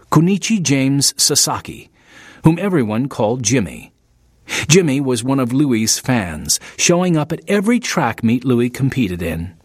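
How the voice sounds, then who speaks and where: A male narrator reading an audiobook with measured, expressive delivery. His pitch moves a lot, lifting and dropping to shape each sentence. The recording is close and dry, with no room sound. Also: no echo.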